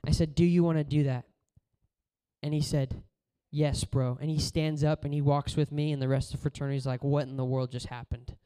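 A man preaching a sermon in a casual, conversational way, telling stories and moving between loud exhortation and quiet, low moments. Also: level tone, fairly quick, clean tone.

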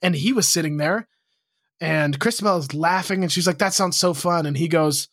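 A young man co-hosting a podcast, teasing his friend and telling stories with wry, animated rants. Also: on the high side, moderate pace, dry recording, clean studio sound. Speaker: podcast co-host. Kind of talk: casual chat.

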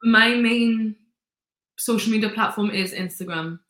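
A woman's voice: a little high, a little slow, a bit bright. Chatty young woman, echoey room. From Gibraltar. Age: 20s. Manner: chatty and upbeat, full of "like" and "you know". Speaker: interview guest. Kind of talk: casual interview chat.

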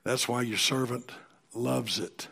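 Middle-aged man as pastor, gravelly and a bit husky, folksy and emphatic. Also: medium pitch, fairly even intonation, slow. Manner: folksy, emphatic preaching with sudden soft drops. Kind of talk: sermon.

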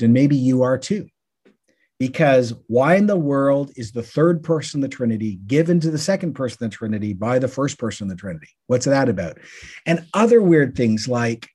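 Husky, mellow-voiced man teaching scripture. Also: medium pitch. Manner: lively, acts out listeners' questions in quotes. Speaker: podcast co-host teaching on the Bible. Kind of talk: casual Bible teaching chat.

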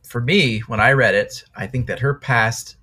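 A man from Canada, a podcast guest, talking things over thoughtfully and in a measured way, with the odd aside. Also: medium pitch, bright, forceful tone, slightly rough. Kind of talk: casual podcast discussion.

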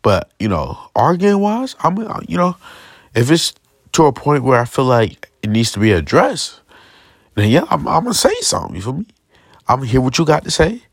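A young man rants to his audience in a casual vlog, slangy and aggrieved, circling back to the same points. His voice is husky and his pitch jumps all over the place. The sound is dry and close. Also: very animated, normal speed, no echo. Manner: slangy, repetitive, aggrieved, keeps asking "you feel me". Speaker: vlogger. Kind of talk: casual straight-to-camera rant.

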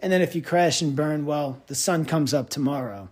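A male podcast host delivers a casual monologue, telling stories in a rambling, wry, self-mocking way with big pitch swings. His voice is a little mellow and his pace moderate.

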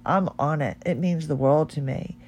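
A woman's voice: low voice, moderate pace, a little mellow, breathy edge. A middle-aged woman hosting her own podcast, talking in a heartfelt, rambling and candid way. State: tearful. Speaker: podcast host. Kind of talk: personal podcast monologue.

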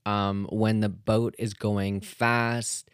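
Male solo podcaster, casual rambling chat, lowish voice, dry close mic. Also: little pitch movement, very slow, smooth, dry recording. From Canada. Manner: rambling and self-deprecating, many ums and restarts. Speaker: podcast host.

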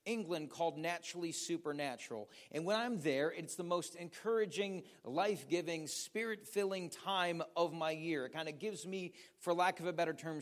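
An American pastor with a notably high voice preaches to his congregation. He tells stories with energy and keeps turning to the audience with questions. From United States. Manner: animated storytelling, asks the audience questions. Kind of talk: sermon.

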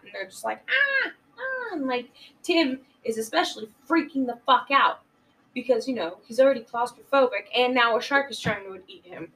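A woman's voice: fairly high pitch, fairly bright tone, far from the mic, slight background noise, rough recording. A woman chatting casually on a podcast, rambling through a movie plot and swearing freely. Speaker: podcast co-host. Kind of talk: casual chat recapping a movie.

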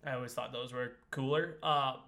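A man's voice: medium pitch, steady tone, moderate pace, gravelly, pushed and bright. A man co-hosting a podcast in casual chat, rambling with lots of fillers and frequent laughs. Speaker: podcast co-host.

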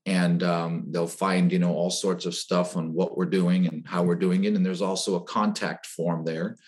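A man's voice: sits low, flat delivery, moderate pace, a little mellow. A middle-aged man, a coach and podcast guest, giving an earnest motivational talk with repeated phrases. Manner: earnest, preaching, repetitive phrasing.

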